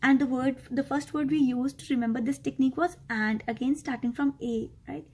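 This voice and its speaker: A woman's voice: high voice, steady tone, fairly quick, a little mellow, breathy edge. A young woman teaching an exam-prep literature lesson, explaining step by step with many ums and uhs and checking in with "right?".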